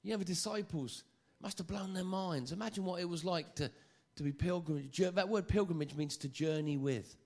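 Joking preacher with a high voice. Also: male voice, brisk, hardly any pauses. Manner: lively and joking, stammers and repeats phrases. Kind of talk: sermon.

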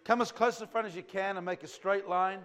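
A man's voice: high voice, fairly even intonation, quick pace, a bit bright. A man preaching a revival sermon to a church congregation, fervent and rambling in a conversational way. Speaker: visiting evangelist.

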